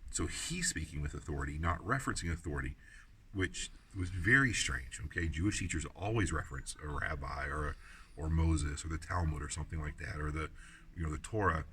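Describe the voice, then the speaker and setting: A man's voice: rumbling low, fairly quick, pushed and bright, a little hiss or hum. A man from the United States teaching the Bible on site at outdoor ruins, talking loosely with many fillers and restarts. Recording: distant mic with clear outdoor ambience.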